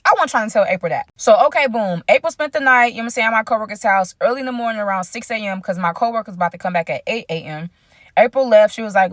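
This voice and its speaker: A woman's voice: medium pitch, fast talker, no room sound, clean studio sound. Chatty young woman telling a storytime. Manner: chatty, keeps addressing viewers directly. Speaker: vlogger. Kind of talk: storytime vlog.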